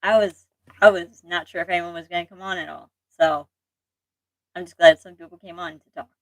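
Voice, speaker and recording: Young woman host for a casual livestream; chatty and self-deprecating, fairly low pitch, dry sound. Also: fairly even intonation, brisk, no echo, low-quality recording. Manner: chatty, rambling, self-deprecating, frequent laughs and restarts. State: occasional allergy cough. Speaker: channel host.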